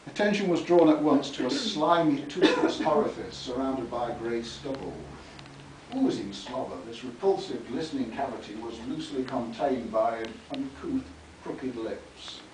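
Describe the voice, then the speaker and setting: A man, an author, gives a theatrical library reading of his own book, savoring the words, laughing softly at his lines and dropping in asides. He speaks a little slowly at medium pitch; the far-off mic picks up an echoey room and slight hiss or hum.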